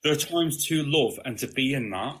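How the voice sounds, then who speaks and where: A man talks in a casual spiritual conversation, blunt and full of swearing. His pitch sits in an ordinary middle range. He keeps checking in with the listener. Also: animated, moderate pace, a bit bright. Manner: blunt, swears freely, repeats "you know what I mean". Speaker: podcast guest.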